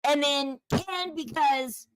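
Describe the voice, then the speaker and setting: A woman hosting her own commentary channel, talking in a high, chatty voice. She speculates freely and slips into a hushed murmur to quote others. The sound is dry and close. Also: takes it slowly, dry recording, low-quality recording. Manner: chatty, speculative, drops to a low murmur when quoting others. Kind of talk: casual commentary over a video clip.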